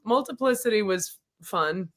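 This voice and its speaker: A woman guest in a casual comedy chat, wry and quick to laugh. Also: medium pitch, lively intonation, fairly bright tone.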